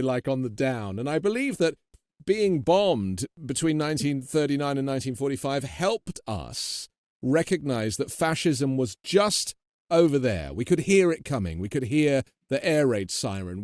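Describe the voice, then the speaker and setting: A man's voice: mid-range voice, darkish tone, dry recording, clean studio sound. An English man with an English accent, a podcast host talking in an earnest, chatty way who repeats words as he starts a thought. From England. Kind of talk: casual interview talk.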